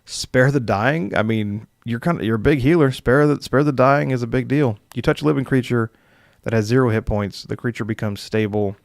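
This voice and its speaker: A man's voice: medium pitch, moderate pace, creaky, no echo, clean studio sound. A young man casually hosting a live stream as dungeon master, rambling with filler words and chuckling as he reads viewer comments.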